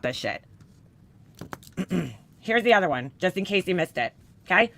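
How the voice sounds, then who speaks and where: A woman reading screenshots aloud in casual commentary, profane and exasperated, giving the quoted lines loud emphasis. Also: on the low side, big pitch swings, unhurried, gravelly, long pauses.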